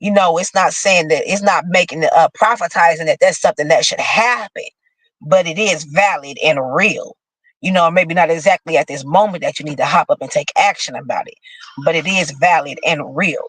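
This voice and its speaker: A woman's voice: low-pitched, normal speed, a bit bright, no echo, low-quality recording. A woman hosting a casual horoscope show, reading signs aloud and riffing in a dramatic, profane, chatty way.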